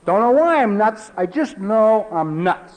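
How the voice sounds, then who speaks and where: High-voiced man telling his story. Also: big pitch swings, a little slow, lo-fi sound. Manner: conversational storytelling with frequent "you know"; drops low and quiet for emphasis. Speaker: recovery meeting speaker. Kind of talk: personal story talk. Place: meeting hall.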